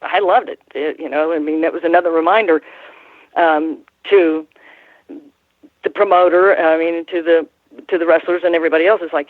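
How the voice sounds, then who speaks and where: Over a tinny, dry phone line, a former wrestling ring announcer in her sixties shares stories as an interview guest. Her low voice stays fairly even at a moderate pace, and she rambles, restarting often and laughing along the way.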